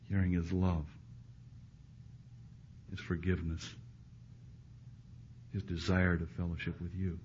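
A male preacher delivering a sermon to a live congregation, dropping to hushed, intimate lines and then rising to loud, emphatic ones. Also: low-pitched. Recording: muffled recording with faint background hiss.

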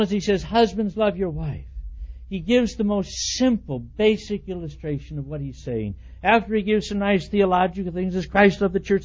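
A man with a high voice preaches a sermon in a folksy, chatty way. He acts out everyday voices to make his point. The recording sounds dull and lo-fi. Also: darkish tone. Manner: folksy, acts out quoted voices with rising pitch. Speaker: pastor. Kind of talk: expository sermon.

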